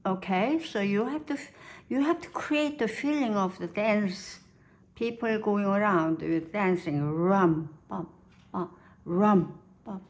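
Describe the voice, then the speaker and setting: A woman's voice: medium pitch, unhurried. A woman giving a piano lesson, counting beats and singing rhythms aloud as she teaches. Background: piano playing.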